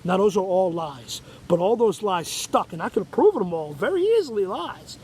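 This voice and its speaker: A man's voice: high-pitched, big pitch swings, moderate pace, darkish tone, slight background noise, low-quality recording. Agitated, profane New man ranting. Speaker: show host. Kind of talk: ranting monologue.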